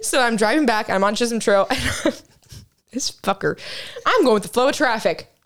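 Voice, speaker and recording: A young woman co-hosting a casual podcast, telling animated stories and swearing freely. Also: on the high side, moderate pace. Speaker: podcast co-host. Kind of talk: casual chat.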